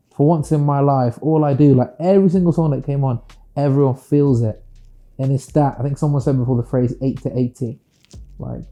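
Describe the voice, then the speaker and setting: A British singer-songwriter speaking in a casual interview, reflective and playful, often slipping into quoted voices. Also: male voice, mid-range voice, warm tone, dull audio. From United Kingdom.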